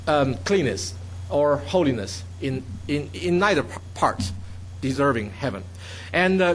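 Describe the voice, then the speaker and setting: A man's voice: a little high, a bit bright, slight background noise. A man teaching a Bible passage in a sermon, explaining it step by step, with many fillers and restarts and frequent checks of "okay".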